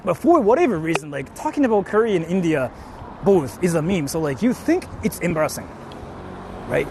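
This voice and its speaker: A man's voice: fairly high pitch, big pitch swings, a little fast, a little mellow, a little hiss or hum. A man talking, speaking emphatically and packing his speech with "like" while he walks through a convenience store. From Japan. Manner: emphatic, repeats "see?" and "like" often, swears. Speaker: vlogger. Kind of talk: casual vlog talk to viewers.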